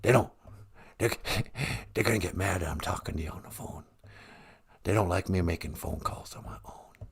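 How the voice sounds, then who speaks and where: A man's voice: medium pitch, very animated, moderate pace, gravelly, fairly bright tone, slightly rough, exaggerated voice. A man putting on the voice of a rambling, whispering elderly male president in a whispered role-play. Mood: secretive.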